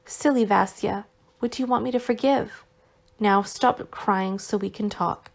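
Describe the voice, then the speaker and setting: A woman voicing a gentle, worn-out young man who is still recovering, speaking tenderly with some reproach, in an audiobook reading. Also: mid-range voice, fairly even intonation, unhurried, gravelly. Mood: tender, reproachful.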